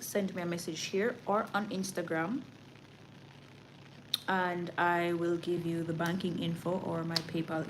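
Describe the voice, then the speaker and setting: A woman's voice: lowish voice, background noise. Jamaican woman chatting on a livestream. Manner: chatty, slipping into patois. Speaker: livestream news host. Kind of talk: casual livestream chat.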